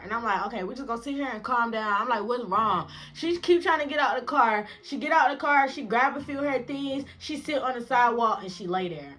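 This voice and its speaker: A young woman tells a storytime vlog story, cussing freely and sounding exasperated. Her voice sits somewhat high and comes across bright and sharp. She talks casually and animatedly. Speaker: indie rap artist telling a story.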